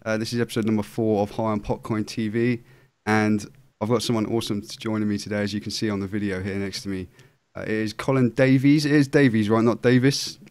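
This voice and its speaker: A man's voice: lowish voice, fairly even intonation, fast, a little mellow. A man hosting an online interview, introducing his guest in a casual, upbeat way. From England. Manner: upbeat, friendly. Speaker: host.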